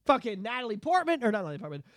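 A man hosting a podcast, ranting and swearing in lively casual chat. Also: extremely high pitch, rapid-fire, no room sound, clean studio sound. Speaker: podcast host.

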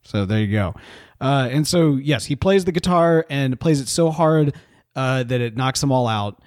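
A man co-hosting a podcast in casual chat, animated and jokey, often breaking into laughter. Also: mid-range voice, normal speed, no room sound, clean studio sound. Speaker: podcast co-host.

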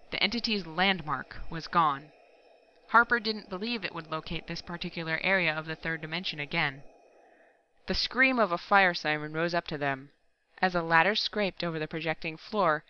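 A woman narrating a science fiction story aloud in a steady, measured audiobook reading. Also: low voice, lo-fi sound, a little hiss or hum. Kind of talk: scripted narration.

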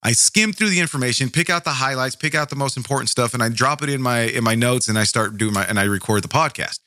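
A man's voice: medium pitch, fast, pushed and bright, no echo, studio quality. A man hosting a true crime podcast, reading case notes aloud and breaking off into profane, angry asides full of stammered restarts.

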